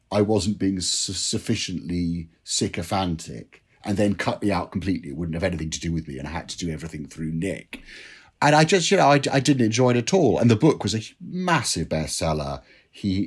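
A man from England, a writer being interviewed, telling stories in an animated, self-deprecating way with lots of "you know". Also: low-pitched, husky. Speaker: guest, drinks writer. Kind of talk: conversational interview answers.

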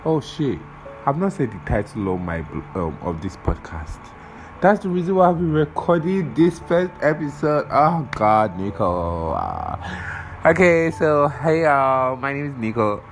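A man's voice: mid-range voice, very animated, measured pace, soft background music, low-quality recording. A young man hosting a podcast, rambling casually, swearing often and losing his train of thought while he has a cold. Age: young adult. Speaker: podcast host.

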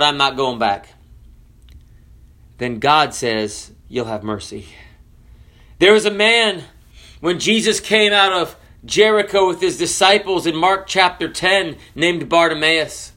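A preacher with a high, bright voice delivers a sermon at an unhurried pace. He swings from loud cries down to hushed drops and keeps asking his listeners questions.

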